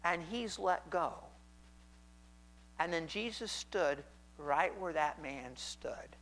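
Male preacher, high voice, reading scripture and commenting; emphatic, repetitive. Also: lively intonation, takes it slowly, a bit bright, slight background noise, low-quality recording. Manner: emphatic, repeats phrases, asks the listener to imagine.

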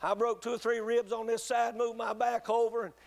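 A man preaching a sermon, telling a testimony in an earnest, halting way with many restarts. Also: very high-pitched, little pitch movement, gravelly, darkish tone. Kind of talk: sermon storytelling.

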